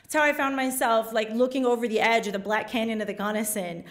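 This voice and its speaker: A woman reporter telling a self-deprecating story on stage before a live audience, animated and acting out the quotes. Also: fairly high pitch, fast.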